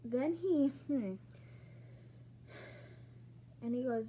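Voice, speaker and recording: A woman telling a personal story in a casual vlog, acting out what people said with sudden jumps in pitch and loudness. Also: measured pace, a little hiss or hum. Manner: animated, acts out quoted lines with sudden jumps in pitch and loudness.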